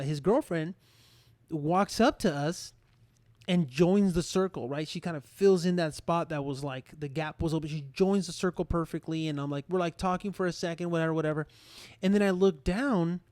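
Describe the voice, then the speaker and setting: A young man in his twenties co-hosting a podcast, telling an embarrassing story in a rambling, animated way full of fillers and restarts. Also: sits high, fairly quick, no room sound. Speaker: podcast co-host. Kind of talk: casual storytelling.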